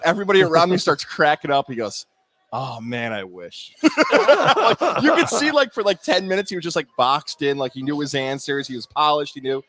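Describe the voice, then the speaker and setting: A man co-hosting a casual sports talk show, telling stories with animated energy and frequent laughter. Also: a little high, a little fast, few pauses, dry recording. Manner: animated storyteller, laughs often. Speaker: co-host.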